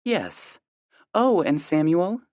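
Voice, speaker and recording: Anxious, caring mother, high-voiced and prying, as a male audiobook narrator puts her on. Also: big pitch swings, takes it slowly, darkish tone, no echo. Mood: worried, curious. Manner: anxious, questioning. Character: worried caring middle-aged mother.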